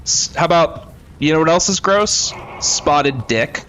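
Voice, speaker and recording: A man's voice: a little high, expressive, measured pace, fairly bright tone, muffled recording, slight background noise. A man from Florida streaming a game and chatting casually, rambling and self-mocking, often trailing off mid-sentence. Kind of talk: casual chat while gaming.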